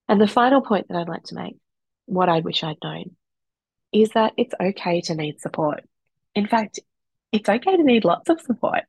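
Blunt, husky woman giving advice. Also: on the low side, no room sound, poor audio. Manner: blunt, swears freely, lively. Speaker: breastfeeding support worker. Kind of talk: candid advice talk.

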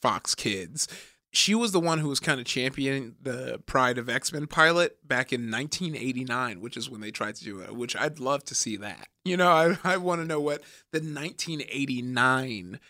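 A man's voice: medium pitch, lively intonation, normal speed, bright, forceful tone, dry recording, clean studio sound. A man in his thirties co-hosting a podcast, retelling facts in casual chat and laughing often. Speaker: podcast co-host.

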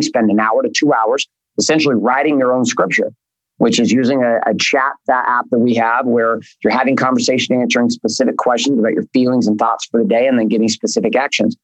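A man's voice: medium pitch, dry recording, low-quality recording. Blunt, rambling man, close and dry. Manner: blunt, profane, rambling storytelling. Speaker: guest, business coach. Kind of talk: candid interview talk.

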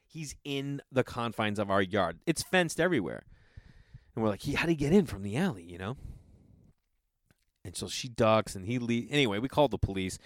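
Man podcast host, mid-pitched, loose and profane solo storytelling, very dry mic. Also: normal speed, dry recording. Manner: loose, profane, animated storytelling with acted-out quotes. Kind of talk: casual storytelling monologue.

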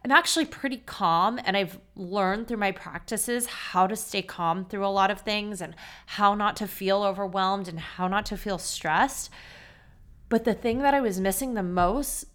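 A woman's voice: medium pitch, fairly bright tone. A woman in her thirties hosting a podcast, talking off the cuff in a candid, chatty way full of "like". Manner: candid, quick and chatty with many "like"s. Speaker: podcast host. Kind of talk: unscripted solo podcast talk.

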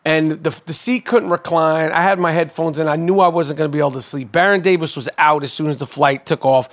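A podcast host tells a story in a high-pitched voice at a brisk pace. Loose and animated, he curses freely and stumbles through fillers and restarts.

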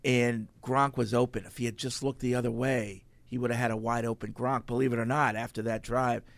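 Gravelly-voiced male sports podcast host. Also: mid-range voice, fairly quick, dry recording. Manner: relaxed storytelling, trailing off with fillers. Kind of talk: casual sports talk.

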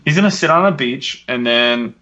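A man riffs jokingly as a co-host in a casual podcast chat. His voice is bright and forceful. The recording sounds dull and lo-fi. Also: mid-range voice, expressive, normal speed. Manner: joking, riffing.

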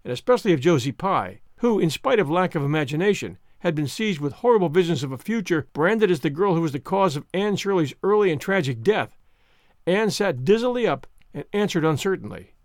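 Brief: male audiobook narrator, high voice, very animated, dry studio sound. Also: brisk, dry recording.

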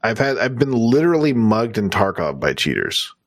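A man's voice: on the low side, very animated, moderate pace. A man co-hosting a casual gaming podcast, talking at length and repeating words as he thinks. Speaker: podcast co-host.

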